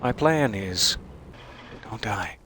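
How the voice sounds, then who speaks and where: A man giving casual, wry gameplay commentary, joking and self-deprecating, with sudden jumps in pitch for his jokes. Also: animated, takes it slowly, background noise. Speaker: let's play host.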